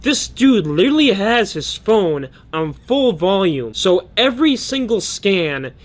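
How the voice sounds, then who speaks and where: Blunt, animated man telling a story. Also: high voice, unhurried. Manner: blunt, animated, swears casually. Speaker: vlogger, book reseller. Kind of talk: casual storytelling vlog narration.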